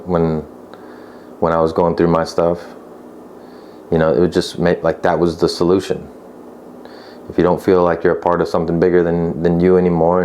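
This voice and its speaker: A man's voice: low voice, darkish tone, a little hiss or hum. A man speaking unscripted to camera, sharing a personal testimony in a blunt, profane, tough-love way. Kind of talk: unscripted direct-to-camera talk.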